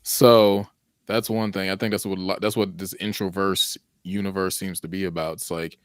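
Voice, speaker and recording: A fairly low-voiced man muses aloud on a podcast, feeling his way through ideas with frequent restarts. The sound is dry and close-miked. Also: little pitch movement, no echo. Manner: thoughtful, halting, restarts his sentences. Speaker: podcast co-host. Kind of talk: casual reflective chat.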